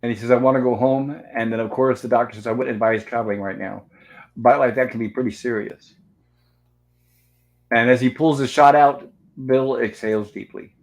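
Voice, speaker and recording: A man hosts a relaxed movie review livestream. He recaps the film scene by scene, reading the characters' lines aloud as he goes. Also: mid-range voice, fairly quick, gravelly, low-quality recording. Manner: narrates scenes step by step, reading out dialogue.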